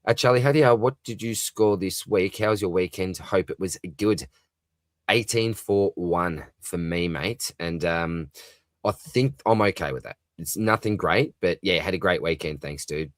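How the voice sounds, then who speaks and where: A deep-voiced Australian man hosts a relaxed live talkback, reading out viewers' comments and answering each one with easy chatter and plenty of "mate". His low voice is recorded close and dry, with no room sound around it. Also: normal speed, no echo. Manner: chatty, reads viewer comments aloud and answers them, says "mate" often. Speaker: livestream host. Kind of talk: casual live talkback chat.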